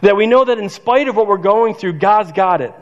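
A man's voice: sits high, brisk. An older man preaching a sermon as pastor, conversational and self-joking, laughing at his own remarks. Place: church sanctuary. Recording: dull reverberant church hall.

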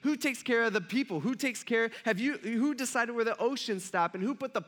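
A man's voice: sits high, expressive, bright, forceful tone, pitched above the performer's own voice. A man voicing God as an all-powerful questioner, firing rhetorical questions one after another in a sermon retelling. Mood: challenging. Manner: rapid-fire rhetorical questions.

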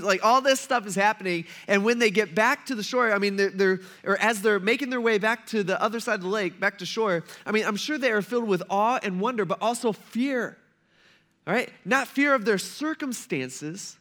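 Bright, high-voiced male preacher. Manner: animated storytelling, acting out characters in quick asides. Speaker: pastor. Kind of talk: casual retelling sermon.

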